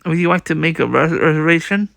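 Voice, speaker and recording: A man's voice: a little high, quick pace, creaky, fairly bright tone, no echo. A man voicing a chivalrous young male cook in a manga read-aloud, chatty and musing. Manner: chatty, self-questioning.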